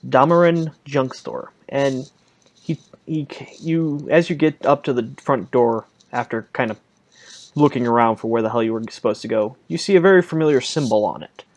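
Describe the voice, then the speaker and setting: A man running a tabletop game as game master, narrating in a casual, halting way. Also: mid-range voice.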